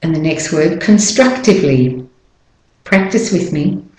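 Woman, pronunciation teacher, lowish voice, very slow delivery, echoey room. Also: animated, a little mellow. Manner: slow, careful, drawn-out model words. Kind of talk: audio pronunciation lesson.

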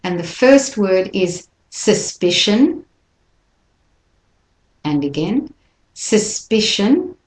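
A woman teaching an English pronunciation lesson, slowly modelling words and sentences for listeners to repeat. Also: medium pitch, very animated. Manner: slow, careful modelling of words for repetition. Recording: echoey room.

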